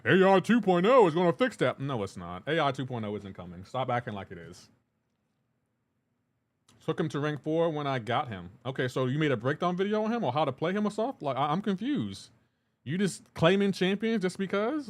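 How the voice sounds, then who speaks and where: A man live streaming a game, talking loosely with his chat and greeting viewers by name. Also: a little high. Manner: talks to chat viewers while playing, loose and chatty. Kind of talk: casual live-stream chat reading comments.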